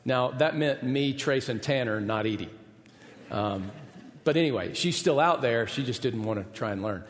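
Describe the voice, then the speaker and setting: A man's voice: mid-range voice, lively intonation, moderate pace, slight background noise. Man preaching in an echoey hall. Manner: storytelling, humorous, with self-deprecating asides. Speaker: pastor. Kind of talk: sermon with a personal story. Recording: echoey hall, long reverb.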